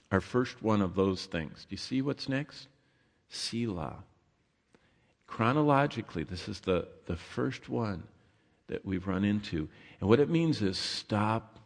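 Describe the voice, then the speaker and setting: A man preaching a sermon, rising loud when he reads scripture and dropping soft on his asides. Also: fairly low pitch, expressive, unhurried, creaky. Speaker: pastor. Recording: long hall reverb.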